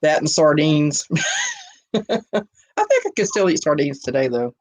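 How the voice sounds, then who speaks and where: A woman's voice: low-pitched, wildly swooping pitch, takes it slowly, darkish tone, breathy edge. An older woman on a chat panel, sharing family anecdotes with frequent laughter. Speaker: panel member. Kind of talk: casual chat.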